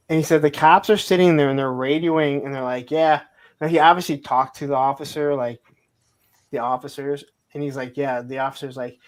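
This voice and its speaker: Co-hosting a casual toy live stream from a home setup, a man with a fairly high voice speaks at normal speed into a streaming mic. He tells long, rambling anecdotes, acts out other people's lines, and laughs often.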